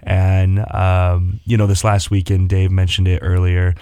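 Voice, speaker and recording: A man's voice: low voice, monotone, unhurried, clear, resonant tone, no echo. A man who is an assistant pastor, talking earnestly in a casual radio chat and quoting scripture. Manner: earnest, warm about faith, quotes scripture.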